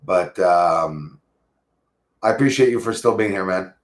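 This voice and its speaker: A man hosting a casual livestream, talking to viewers in a halting, earnest way with many fillers and restarts. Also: low voice, lively intonation. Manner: earnest, thankful tone. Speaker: livestream host.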